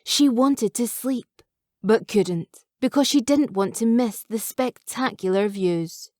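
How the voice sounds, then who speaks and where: A woman calmly narrating a novel as an audiobook reader. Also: a little high, slow, no room sound, studio quality. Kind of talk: scripted narration.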